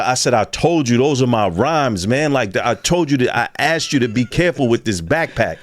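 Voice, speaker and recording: A man telling a profane, animated story in casual conversation, acting out the other voices in it. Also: mid-range voice, normal speed, few pauses, no echo. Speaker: guest.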